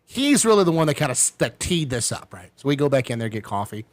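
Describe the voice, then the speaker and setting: A middle-aged man telling a story in relaxed conversation. He talks in an animated way and jumps up in pitch whenever he plays other people's lines. His voice sits in a middle register, recorded dry with little room sound. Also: fast, dry recording. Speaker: podcast guest. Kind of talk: casual storytelling.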